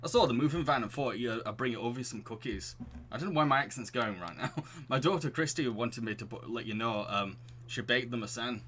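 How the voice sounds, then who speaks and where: A man's voice: medium pitch, animated, fairly quick, fairly bright tone, slight background noise, lightly acted. A man voicing a friendly, clean-cut male neighbour who is a youth minister, with a Northern English accent and a chatty, slightly awkward manner.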